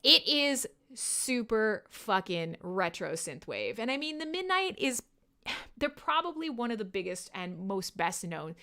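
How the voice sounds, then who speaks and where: A woman's voice: medium pitch, big pitch swings, measured pace, sharp tone. A woman hosting her own music livestream, chatting casually to viewers in a rambling, self-deprecating way, with casual swearing and frequent laughs. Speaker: livestream radio host.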